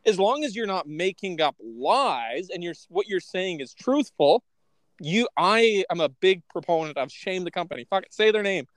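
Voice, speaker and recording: A man hosting a casual podcast, opinionated and quick to swear while he argues his points one by one. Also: high-pitched, animated, dry recording.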